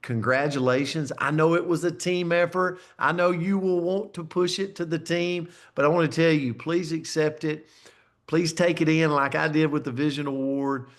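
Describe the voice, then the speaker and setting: A man's voice: fairly high pitch, fairly even intonation, moderate pace. A man leading a company video call, effusively congratulating a team member and hyping up the audience. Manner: enthusiastic, effusive, hype-building. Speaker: network marketing company leader.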